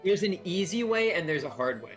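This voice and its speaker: A man with a slightly higher voice tells stories with animated energy and slips into quick impressions of others. Game music plays clearly underneath his voice. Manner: animated storyteller who mimics people. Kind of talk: casual storytelling chat.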